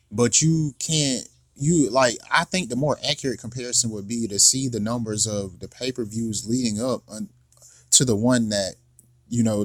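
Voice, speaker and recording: A man's voice: mid-range voice, no echo. A man hosting a reaction video, arguing his point in slangy, repetitive questions. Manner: argumentative, repeats questions, slangy. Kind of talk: casual reaction commentary.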